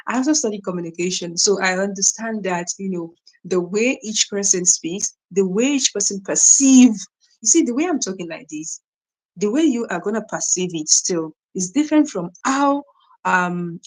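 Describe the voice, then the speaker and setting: A woman's voice: mid-range voice, a little mellow, low-quality recording. A young woman from Nigeria, hosting a casual live stream, greeting viewers by name and often checking in with "right?" and "you know". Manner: greets viewers by name and reads their comments.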